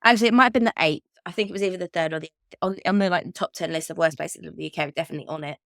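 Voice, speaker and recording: A low, gravelly-voiced woman with an Essex accent, chatting and poking fun at herself as a podcast co-host. The recording is dry and close, with no room sound. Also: very fast, dry recording. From England. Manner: chatty, self-mocking. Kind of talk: casual chat.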